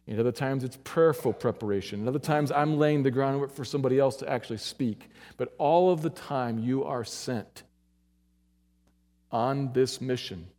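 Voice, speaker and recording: A man's voice: lively intonation, moderate pace. Earnest male preacher in a reverberant hall. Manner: earnest, emphatic, swings between loud urging and quiet low stretches. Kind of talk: sermon.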